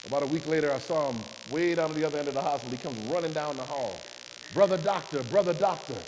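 A man preaching a sermon, telling a testimony with passion, his voice swinging from hushed to loud. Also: a little high, very fast. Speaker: preacher and doctor. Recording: long hall reverb with electrical hum and hiss.

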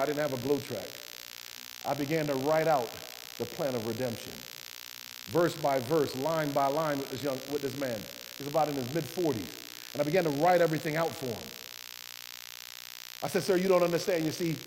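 A man preaching a sermon, telling a testimony with passion, his voice swinging from hushed to loud. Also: a little high. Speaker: preacher and doctor. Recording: long hall reverb with electrical hum and hiss.

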